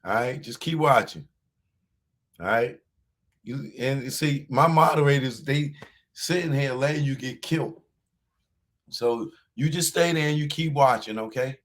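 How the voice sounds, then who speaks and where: A man hosting a livestream, taunting a viewer in chat with drawn-out mocking questions and laughter. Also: medium pitch. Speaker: livestream host.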